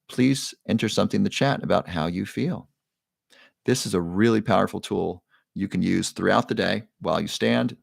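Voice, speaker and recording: Gravelly low-voiced man hosting a live stream. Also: no room sound, studio quality. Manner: upbeat, audience-prompting, chatty with restarts. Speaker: host of a live online show. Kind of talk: live stream talk leading a breathing exercise.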